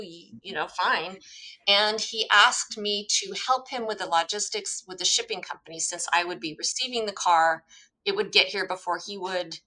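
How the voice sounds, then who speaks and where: A woman's voice: fairly low pitch, rough recording. A woman from the United States telling a personal story in a casual talk, acting out the quoted dialogue. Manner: animated, acts out quoted dialogue, laughs at herself. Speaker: guest telling her story.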